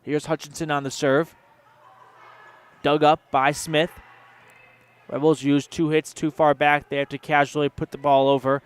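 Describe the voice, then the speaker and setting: A man calls a volleyball match for local radio, his voice smooth and clear. He pitches a little high and reels off the action in quick play-by-play, weaving sponsor names into the calls. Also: flat delivery. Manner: rapid play-by-play with sponsor mentions. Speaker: play-by-play announcer. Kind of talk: local radio sports commentary.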